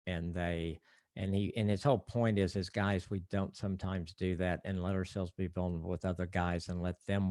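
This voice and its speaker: An older man's deep, low voice carries a relaxed, earnest podcast conversation. He reflects aloud and restarts his sentences as he goes. The sound is dry and close, with no room behind it. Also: dry recording. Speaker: marriage counselor guest. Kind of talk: casual podcast interview.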